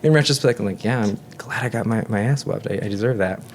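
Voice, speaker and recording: Talkative, earnest low-voiced man. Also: fast, a little hiss or hum. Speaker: nurse; guest. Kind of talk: casual chat.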